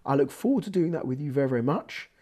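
Brief: croaky-voiced man teaching scripture, husky tone, lively pitch, bursts loud to drive points home. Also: fast talker. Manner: animated, swings from low explaining to loud exhortation. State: hoarse, croaky voice. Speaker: Torah teacher. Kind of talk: lecturing on scripture.

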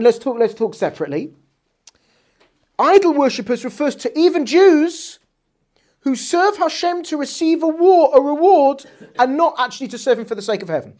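Animated woman teaching religious texts. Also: mid-range voice. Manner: animated, reads texts aloud, rhetorical questions. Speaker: Torah teacher. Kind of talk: religious text lesson.

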